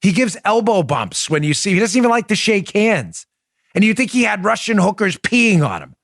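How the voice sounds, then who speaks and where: Swinging widely in pitch and talking fairly quickly, a man with a bit of brightness in his voice hosts a political commentary show. He's combative and mocking, speaks emphatically into a close studio mic with a dry sound, and slips into a high, silly impression voice in bursts.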